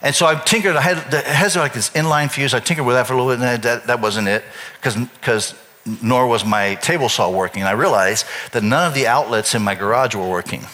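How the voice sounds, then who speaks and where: Bright-voiced rambling pastor, a man. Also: medium pitch, fairly quick. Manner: rambling, self-correcting storyteller. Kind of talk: sermon with a personal story.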